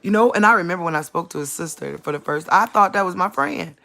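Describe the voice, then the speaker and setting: A woman, talking casually and animatedly on a live stream, laughing often and rising into high outbursts. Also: animated, fast talker, creaky, sharp tone. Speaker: livestream host.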